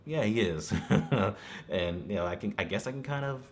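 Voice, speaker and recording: A man's voice: fairly low pitch, expressive, moderate pace, slight background noise. A man giving a casual, rambling movie review, full of "you know" asides and chuckling now and then.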